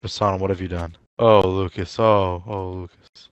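A man's voice: low-pitched, steady tone, normal speed, clean tone, dry recording, dull audio. A man in gaming voice chat, trolling his friends in a mock-dramatic, sarcastic way and swearing often.

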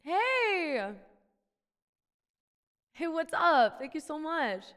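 A woman's voice: sits high, big pitch swings, drawn-out words, a bit bright, big-room sound. A woman streaming while sick with covid, chatting casually with a crude, teasing, playful manner. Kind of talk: casual live-stream chat.

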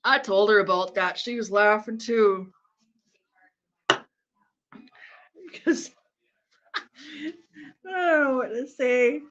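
Woman host, high and unhurried, rambling giggly chat on a dull lo-fi stream. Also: a loud crowd. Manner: rambling, laughs often, swears freely. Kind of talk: casual chat while watching a game. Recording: dull lo-fi sound.

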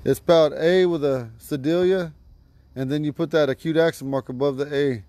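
Guy teaching a class outside, says each word twice, slow and patient, kinda high voice. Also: fairly even intonation, mellow, dry recording. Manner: patient, repeats words slowly. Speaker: language teacher. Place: outdoors at home.

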